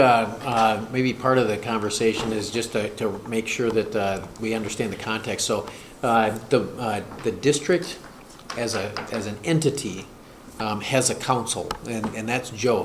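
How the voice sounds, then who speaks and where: A man with a fairly low voice speaks at a board meeting, hesitant and full of fillers and restarts. The room is echoey, and steady noise sits behind him. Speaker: school district administrator. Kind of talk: meeting discussion. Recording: echoey room, noisy, far mic.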